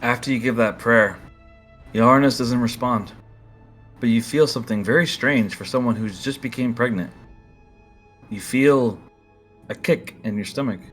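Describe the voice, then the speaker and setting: A man narrating a tabletop role-playing game as game master in a measured, descriptive way. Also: mid-range voice, fairly bright tone, faint music behind.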